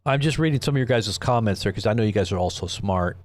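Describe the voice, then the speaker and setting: A man's voice: on the low side, expressive, quick pace, no echo. Rambling, joking man on a livestream. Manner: rambling, self-interrupting, joking. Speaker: host. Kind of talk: casual livestream commentary.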